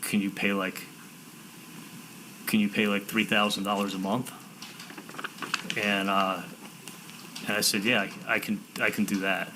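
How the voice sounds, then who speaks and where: A man testifying as a defendant in a courtroom, telling his story in halting sentences with repeated words and "I'm like" quotes. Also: fairly low pitch, little pitch movement, background noise.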